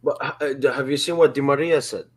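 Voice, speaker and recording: A man's voice: medium pitch, steady tone, a little fast, slight background noise. A man co-hosting a casual football podcast, adding short chatty remarks.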